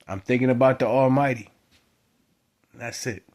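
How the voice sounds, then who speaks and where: Guy with preaching at the camera, drops low then gets loud and fired up. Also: steady tone, moderate pace. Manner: emphatic, swings between soft musing and loud exhortation. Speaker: spiritual vlogger.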